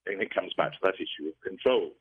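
A man explaining things in a measured, lecturing way during an interview, heard over a tinny phone-like line. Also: low voice, breathy edge. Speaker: interview guest.

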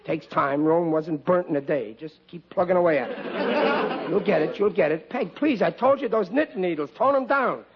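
An actor playing a stubborn, excitable working-class father in an old radio comedy, blustering and flustered. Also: sits high, moderate pace, very noisy. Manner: blustering, flustered, stammers when cornered. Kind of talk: 1940s radio acting. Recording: dull lo-fi old radio broadcast.

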